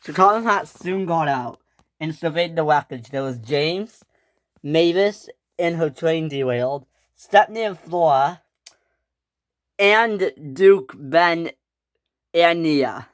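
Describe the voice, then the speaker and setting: Slow, halting toy train storyteller. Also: medium pitch, expressive, no echo, clean studio sound. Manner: halting, frequent restarts and fillers. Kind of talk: improvised storytelling with toys.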